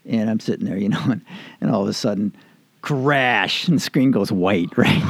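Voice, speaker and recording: A man's voice: mid-range voice, wildly swooping pitch, unhurried, slightly rough, no room sound. An older man, interviewed, telling old stories in a rambling, chuckling way with plenty of fillers and restarts. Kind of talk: casual storytelling reminiscence.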